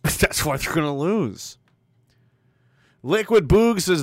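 A high-pitched man hosts a casual livestream, reading viewer messages aloud and answering them bluntly. He swears freely and slips into heated rants, and his voice comes across close and dry. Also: expressive, moderate pace, dry recording. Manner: blunt, profane, ranting. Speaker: livestream host reading chat. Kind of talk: casual live chat commentary.

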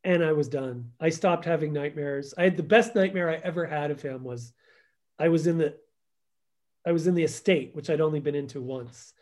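Brief: man, interview guest, higher-pitched voice, storytelling, acts out quotes. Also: moderate pace, darkish tone. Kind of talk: conversational podcast interview.

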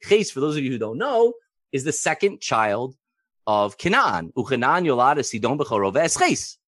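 A man's voice: medium pitch, big pitch swings, moderate pace, a bit bright, dry recording, studio quality. A man teaching a Bible class in a theatrical, questioning way, acting out the figures in the text. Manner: theatrical, questioning, acts out quotes. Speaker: Torah teacher.

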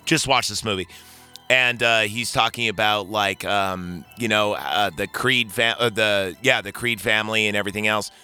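A young man co-hosting a casual movie recap podcast, excitable and profane, acting out lines from the film. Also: on the low side, normal speed, clear, resonant tone, faint music behind. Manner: excitable, profane, acts out quotes. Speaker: podcast co-host.

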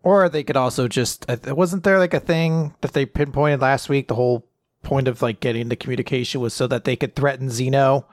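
A man's voice: medium pitch, fairly even intonation, brisk, dry recording, studio quality. A man co-hosting a podcast who talks casually and hesitantly, with many fillers. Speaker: podcast co-host. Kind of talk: casual chat.

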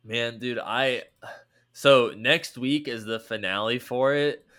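A man co-hosts a casual podcast, speaking slowly in a medium-pitched, somewhat bright voice. He tells stories animatedly and swears freely.

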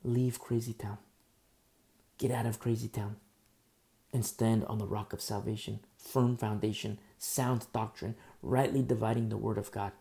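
A man preaching a sermon as pastor, blunt and emphatic, with quick asides to the congregation. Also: on the low side, level tone, vocal fry, mellow.

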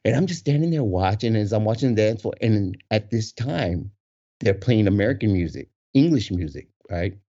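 A man telling a casual story with animated energy, laughing often and acting out the voices of the people in it. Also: fairly low pitch, moderate pace. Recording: dull lo-fi recording.

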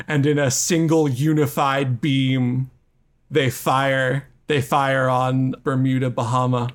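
Male improv guest, playful, excitable narrator. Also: mid-range voice, takes it slowly. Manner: playful, excitable, hesitant fillers. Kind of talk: improvised comedic storytelling.

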